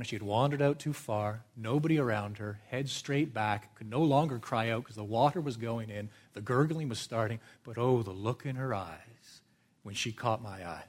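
A man from Canada preaching a sermon as pastor, with dramatic swings from a hushed, quiet delivery to loud, urgent emphasis. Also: mid-range voice, fairly quick.

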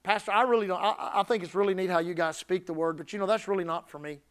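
A man's voice: sits high, fast talker, fairly bright tone, clear, resonant tone, pitched below the performer's own voice. A man voicing a churchgoer who politely brushes off the pastor's teaching. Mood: dismissive.

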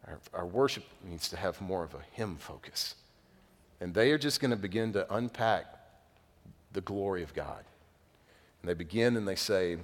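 A young adult man preaching a sermon as a pastor, talking casually and telling stories with lively bursts, then dropping to quiet emphasis. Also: on the low side, normal speed, in a large hall. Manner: conversational, animated storytelling with sudden quiet emphasis.

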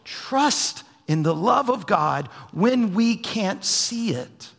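Pastor guy preaching, high gravelly husky voice, long echo like a big church. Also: lively intonation, takes it slowly. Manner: wide swings from soft low asides to raised emphatic lines. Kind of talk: sermon. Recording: long hall reverb.

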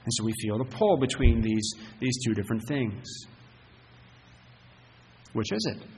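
A man's voice: mid-range voice, expressive, unhurried, darkish tone, in a large hall, slight background noise, poor audio. A male pastor preaching a sermon, talking conversationally with rhetorical questions and frequent restarts.

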